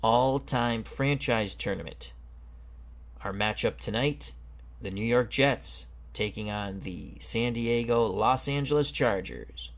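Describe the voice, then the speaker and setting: Slow-talking man hosting a football sim. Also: medium pitch, vocal fry. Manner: slow, chatty, greets viewers and stumbles over names. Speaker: host. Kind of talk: casual game commentary.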